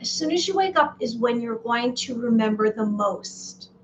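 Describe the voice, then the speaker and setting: A woman's voice: a little high, animated, normal speed, noisy background. A woman talking casually in a spiritual vlog, meandering, correcting herself, and asking her viewers questions. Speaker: spiritual vlogger.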